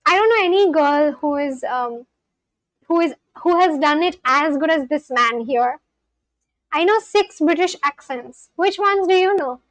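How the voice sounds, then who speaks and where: High-pitched woman streaming, chatting with her viewers, dry close mic sound. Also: lively intonation, a little slow, a bit bright, no room sound, rough recording. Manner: rambling, reads chat aloud and answers it. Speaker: livestreamer. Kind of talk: casual live-stream chat.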